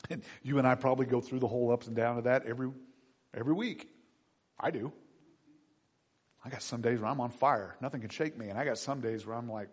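A man preaching a sermon as pastor, animated and conversational, acting out voices of people in the story. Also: medium pitch, moderate pace, long pauses, breathy edge.

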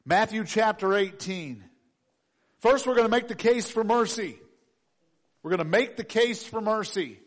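A male pastor preaching a sermon, emphatic, repeating key phrases and swinging between loud and hushed delivery. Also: high voice, unhurried, long pauses.

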